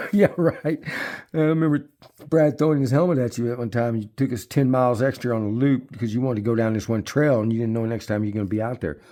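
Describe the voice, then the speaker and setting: A man's voice: medium pitch, steady tone, fast talker, warm tone. A man in his fifties talking casually to camera about his e-bike, rambling and swearing often, with frequent restarts. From United States. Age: 50s. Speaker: e-bike vlogger. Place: at home near his bikes.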